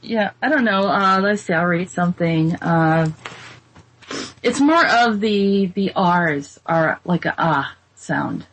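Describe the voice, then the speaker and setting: A woman's voice: on the low side, lively intonation, takes it slowly, fairly bright tone, slight background noise, poor audio. A woman from the Boston area hosting a casual chat, with a light Boston trace in an American accent; giggly and self-deprecating. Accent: General American with a trace of Boston. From Boston area, USA. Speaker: host.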